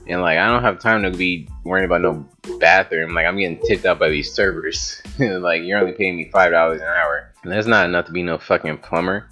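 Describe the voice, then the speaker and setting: A man's voice: deep voice, bright, forceful tone. A young man telling a story to camera in a casual, rambling way, swearing often and filling his talk with "like.". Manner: rambling, profane, with frequent "like" fillers and laughs.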